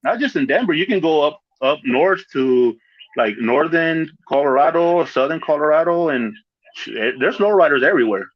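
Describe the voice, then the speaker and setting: A man's voice: a little high, animated, normal speed, highs cut off. A man chatting casually as a podcast guest, laid-back and full of slang, telling stories with acted-out quotes. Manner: laid-back slang, lots of "dog" and "fool". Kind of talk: casual chat.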